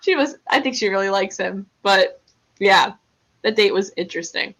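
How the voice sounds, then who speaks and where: A woman's voice: mid-range voice, normal speed, low-quality recording. A young woman co-hosting a podcast, gossiping in casual chat with frequent giggles. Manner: gossipy, giggly, animated reactions. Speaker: podcast co-host.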